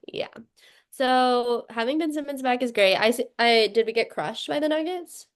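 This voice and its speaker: A woman's voice: fairly high pitch, measured pace, smooth. A young woman co-hosting a sibling podcast, chatting casually about basketball and laughing through her stories. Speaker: podcast co-host. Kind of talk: casual sports chat.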